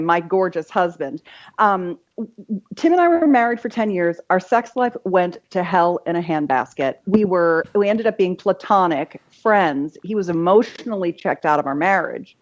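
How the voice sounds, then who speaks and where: A woman's voice: mid-range voice, expressive, normal speed, darkish tone, muffled recording. Bubbly middle-aged woman on a call. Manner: bubbly, laughs often, candid. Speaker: podcast guest, sex educator. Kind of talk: casual interview chat.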